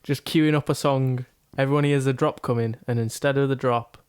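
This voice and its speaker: A man's voice: medium pitch, fairly even intonation, moderate pace, a little mellow, smooth, no echo, studio quality. Laid-back joking man. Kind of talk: casual chat.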